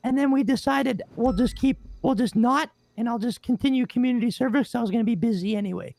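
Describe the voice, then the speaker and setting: A woman playing a defendant in a casual roleplay, lively and quick to tease. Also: a little high, gravelly.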